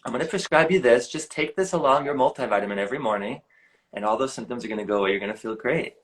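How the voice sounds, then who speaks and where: A man's voice: medium pitch, fast, fairly bright tone, close to an everyday voice. A man quoting a glib, dismissive doctor. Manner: glib and reassuring. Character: breezy, dismissive male doctor.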